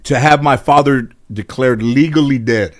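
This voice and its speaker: A middle-aged man from the Los Angeles area, a talk show host telling comic stories about his childhood, animated and swearing freely. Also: mid-range voice, moderate pace. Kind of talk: comic storytelling.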